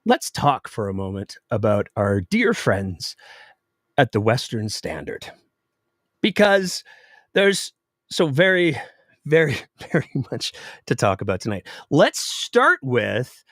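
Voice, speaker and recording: A man hosting a live political commentary show, sarcastic and animated. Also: medium pitch, slow, no room sound, studio quality. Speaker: political podcast host.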